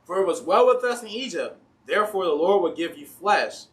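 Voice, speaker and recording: A man with a fairly high voice preaches in a church with an Ohio accent, slipping into plain everyday voices for the complaining crowd and for God. He sits a little back from the microphone, so the room comes through around his words. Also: big pitch swings, a little fast, a bit bright, far from the mic. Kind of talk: sermon. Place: church sanctuary.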